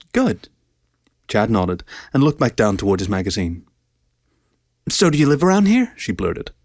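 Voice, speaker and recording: Guy reading a story out loud, steady and even, no room echo at all. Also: fairly low pitch, studio quality. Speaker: story reader.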